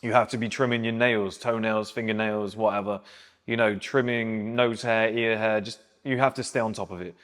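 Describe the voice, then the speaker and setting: A man's voice: lowish voice, fairly even intonation, normal speed, a bit bright. A man in his thirties giving blunt, opinionated advice straight to his viewers as a men's self-improvement host. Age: 30s. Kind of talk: advice monologue to camera. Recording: long echoing reverb.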